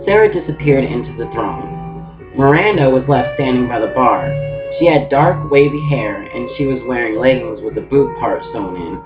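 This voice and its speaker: A man reading a novel aloud in a casual manner, with small restarts and asides. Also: mid-range voice. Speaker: book reader. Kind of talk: audiobook reading. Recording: muffled with guitar music.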